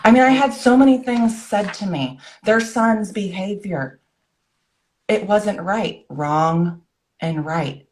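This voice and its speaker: A woman's voice: mid-range voice, measured pace, a little mellow. A woman in her forties, a guest author, earnestly telling her personal story in a rush of short phrases and acting out the words of people she remembers.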